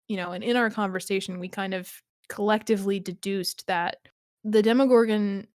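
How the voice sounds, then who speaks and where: A woman's voice: medium pitch, no echo, clean studio sound. A woman co-hosting a podcast, chatting casually about a TV episode, laughing often and restarting her sentences. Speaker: podcast co-host.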